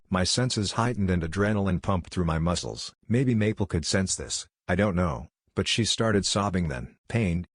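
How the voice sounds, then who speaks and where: A man narrating a first-person horror story in a measured, grave scripted reading. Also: low-pitched, no room sound, studio quality.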